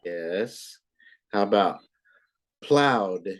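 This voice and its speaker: A woman tutoring a child in English, patient and encouraging, repeating words slowly to model them. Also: extremely low pitch, animated. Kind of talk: online tutoring lesson.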